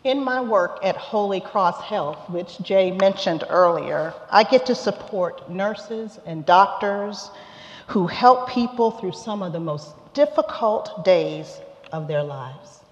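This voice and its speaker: A lay preacher reading scripture and giving a sermon in a church sanctuary, with a measured, deliberate delivery. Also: mid-range voice, lively intonation. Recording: echoey hall, dull sound.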